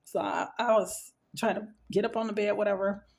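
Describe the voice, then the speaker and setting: A woman's voice: medium pitch, level tone, fairly quick, gravelly, a little mellow. A woman telling a personal story in a casual, conversational way. She often stops to act out what others said. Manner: conversational, acts out quoted dialogue, frequent fillers. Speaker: storyteller sharing a personal experience.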